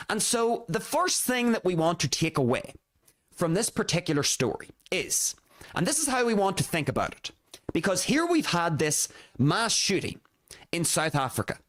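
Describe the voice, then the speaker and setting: A solo podcast host reads a news summary aloud, then breaks off with exclamations and quick asides. The pitch swings widely from line to line. The speaking pitch sits mid-range. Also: big pitch swings, a bit bright. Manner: laughs between serious remarks.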